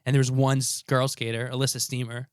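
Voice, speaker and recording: Smooth-voiced joking male podcast host. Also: medium pitch, flat delivery, quick pace, no room sound, clean studio sound. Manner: joking, loose, swears casually. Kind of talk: casual chat.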